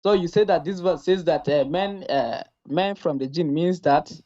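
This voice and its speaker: A man calling in to a debate show, insistent and arguing back, reading verses slowly. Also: fairly high pitch, warm tone. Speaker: caller. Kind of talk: call-in debate. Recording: dull phone line.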